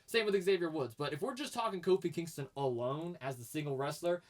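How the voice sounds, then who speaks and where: Quick rambly guy cohosting a podcast, chatty and opinionated, laughs a lot. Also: fairly high pitch. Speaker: podcast co-host. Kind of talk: casual chat.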